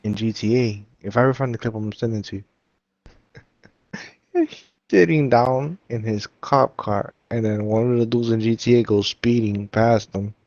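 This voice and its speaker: A man's voice: mid-range voice, normal speed, darkish tone, dry recording. A young man in casual chat, rambling and slangy, often laughing through his stories. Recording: dull, dry sound.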